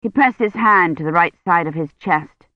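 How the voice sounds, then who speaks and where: An audiobook narrator reading a novel in a measured, even way. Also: medium pitch, no room sound. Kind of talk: scripted narration. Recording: dull lo-fi dry studio audio.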